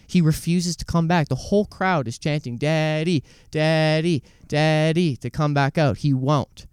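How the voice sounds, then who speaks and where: A man's voice: on the high side, moderate pace, smooth, no echo, clean studio sound. A man hosting a podcast, telling a story in loose casual chat and acting out what others said. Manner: storytelling, animated retellings with quoted voices; loose, says "dude" and "like" a lot. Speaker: podcast host.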